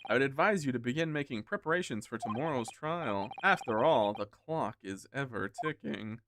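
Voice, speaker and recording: A streamer doing a formal, measured British lord. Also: male voice, medium pitch, animated, background noise, close to an everyday voice. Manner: measured, formal, faintly condescending. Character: composed, formal British lord, middle-aged man. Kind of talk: reading game dialogue aloud. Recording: game music behind the voice.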